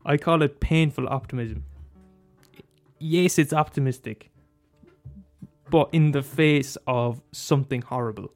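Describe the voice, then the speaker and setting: A man talking casually and passionately about films, swearing freely and jumping up into high exclaims. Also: a little slow, long pauses, faint music behind. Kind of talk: casual film chat.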